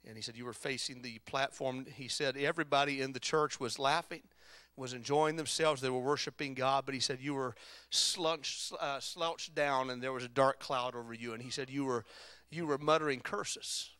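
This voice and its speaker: A man preaching a sermon as pastor, swinging from loud exhortation to quiet personal storytelling. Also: mid-range voice, steady tone, normal speed, clear, resonant tone, no room sound. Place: church sanctuary.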